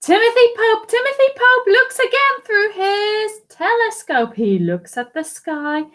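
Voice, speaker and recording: A woman teacher reading a picture book aloud to children, animated and asking them questions. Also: extremely high pitch, unhurried. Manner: animated, asks listeners questions. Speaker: primary school teacher.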